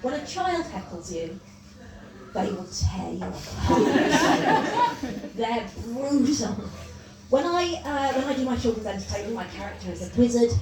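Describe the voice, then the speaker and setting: A woman doing a stand-up comedy set in a pub, chatty and self-mocking, with quick asides. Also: a little high, very animated, background noise. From Wales. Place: pub comedy gig with a live audience. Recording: roomy live mic from a distance, audience laughter.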